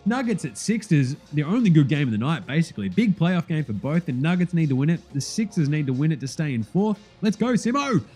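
An Australian man hosts a casual sports podcast in a blokey, swearing way. His voice is high. Faint music plays beneath him. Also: big pitch swings, quick pace, few pauses, warm tone, husky. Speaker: podcast host.

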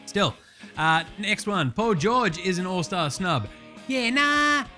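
A man's voice: high-pitched, lively intonation, slow, sharp tone, soft background music. Sweary heated Australian man ranting. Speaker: podcast host. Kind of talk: casual sports rant.

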